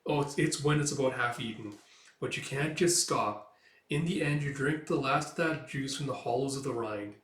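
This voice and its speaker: A man's voice: mid-range voice, moderate pace, a bit bright, natural voice. A man reading as a shy, dreamy young woman. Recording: roomy, mic at a distance.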